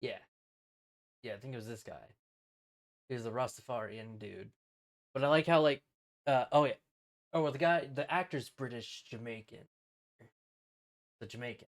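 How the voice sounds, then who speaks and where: A man's voice: mid-range voice, moderate pace, pauses often. Laughing casual game streamer man. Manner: chatty, laughing, swears casually. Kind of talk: casual gameplay commentary.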